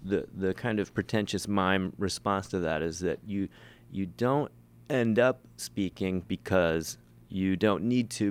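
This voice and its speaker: A man, a mime performer and teacher, chatting as an interview guest in a rambling, self-mocking way with many restarts. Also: on the low side. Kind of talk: casual interview chat.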